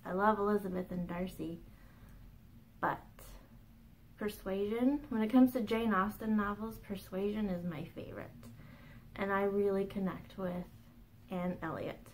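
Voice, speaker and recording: A woman's voice: medium pitch, normal speed, a little hiss or hum, poor audio. A woman in her thirties hosting her own crafting podcast at home, chatting casually and bubbly, often breaking into a laugh between asides. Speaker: podcast host. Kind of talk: casual chat.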